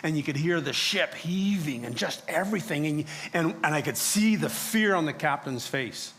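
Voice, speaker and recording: Male pastor, first-person dramatic sermon storyteller, mid-high voice. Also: animated, normal speed, fairly bright tone. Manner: storytelling in character as a biblical prophet, acting out quoted voices. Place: church sanctuary.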